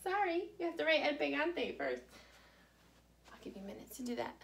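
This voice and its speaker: A woman with a high, bright voice that swoops up and down as she teaches Spanish to children. She has a gravelly edge and says each word slowly, in a cheerful, encouraging tone. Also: huge pitch swings, a little hiss or hum. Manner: slow, careful modeling of Spanish words. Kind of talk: recorded online class for children.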